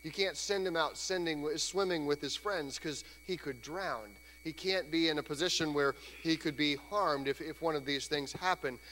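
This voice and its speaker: A man preaching a sermon in a church, conversational and lively, sometimes acting out voices. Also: fairly high pitch, moderate pace, hardly any pauses. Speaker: pastor. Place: church sanctuary. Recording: church hall reverb, faint hum.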